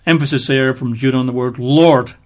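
A man's voice: mid-range voice, steady tone, moderate pace. A man giving conversational Bible teaching, explaining verses with everyday examples.

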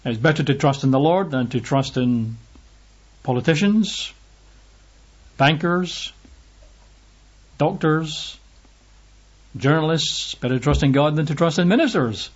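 A man's voice: on the high side, a little slow, long pauses, breathy edge, muffled recording. A man preaching a sermon and reading Bible verses aloud, stressing his points by repeating phrases.

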